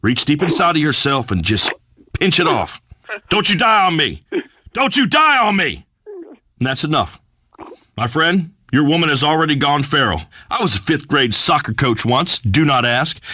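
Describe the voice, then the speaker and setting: Pompous macho redneck radio host: high, bright, lively, dry read. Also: male voice, no echo. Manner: blustering, pompous pronouncements. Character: brash macho redneck male radio host, middle-aged. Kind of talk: scripted radio comedy acting.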